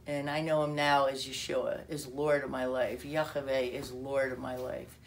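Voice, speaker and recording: A woman's voice: very deep voice, flat delivery, unhurried, few pauses, a little hiss or hum. A woman telling a personal testimony story, acting out quoted dialogue with frequent restarts. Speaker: speaker telling her testimony.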